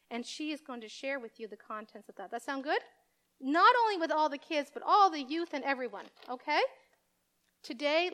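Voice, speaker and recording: High-voiced woman pastor giving a children's sermon. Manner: animated storytelling, acting out voices.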